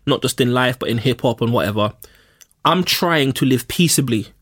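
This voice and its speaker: A man from North London with a London accent, co-hosting a podcast and telling a story in casual, slangy chat full of shout-outs. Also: mid-range voice, expressive, normal speed. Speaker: podcast co-host.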